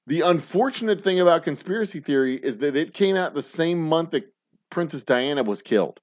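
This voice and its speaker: A man's voice: fairly high pitch, fairly quick. Profane man ranting on a lo-fi stream. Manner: profane, animated ranting, swings from mumbled asides to loud outbursts. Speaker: podcast host. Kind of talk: casual ranting monologue.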